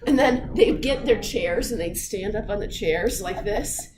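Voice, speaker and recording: A middle-aged woman teaching physiology to a class, telling animated stories and acting them out. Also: medium pitch, unhurried. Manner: animated, acts out her stories. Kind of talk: classroom lecture with storytelling. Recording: echoey room, audible room noise.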